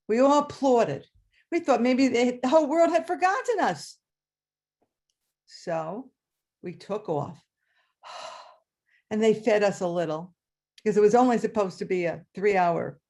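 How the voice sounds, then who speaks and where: A woman who was a third grade teacher, telling a personal story live to an audience with dramatic pitch leaps. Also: darkish tone. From New York area. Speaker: storyteller, retired-style schoolteacher.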